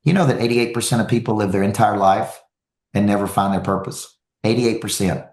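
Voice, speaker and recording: A man giving a motivational talk to an audience as a coach, telling stories with lively energy and repeating phrases for emphasis. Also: lowish voice, a little fast, roomy sound.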